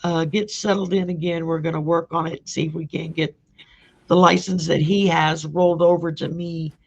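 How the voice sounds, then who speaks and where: Hoarse Cajun woman, gravelly and husky, chatty host, muffled video call audio. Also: low-pitched, fairly even intonation, moderate pace. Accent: Louisiana Cajun. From Louisiana. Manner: chatty, rambling, laughs often. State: hoarse from a sore throat. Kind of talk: casual chat on a live video call.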